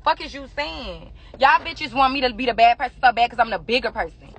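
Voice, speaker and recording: A woman's voice: on the high side, a bit bright, breathy edge. A young woman in an angry social media rant, defiant and profane, firing insults at her critics. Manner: rapid-fire insults directed at critics. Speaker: rapper addressing fans.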